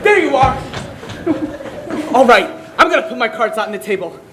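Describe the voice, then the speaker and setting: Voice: mid-range voice, big pitch swings, normal speed, a crowd in the background, noisy background, natural voice. An actor playing a nervous, wisecracking producer with a brash manner. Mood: anxious. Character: nervous, fast-talking producer with a weak heart.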